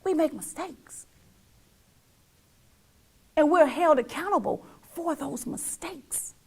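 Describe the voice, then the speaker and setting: Speaking slowly and expressively in a high-sitting voice, a middle-aged woman hosts a talk show. Her monologue to viewers is emotional and emphatic, dropping from loud to almost a whisper and repeating lines for weight.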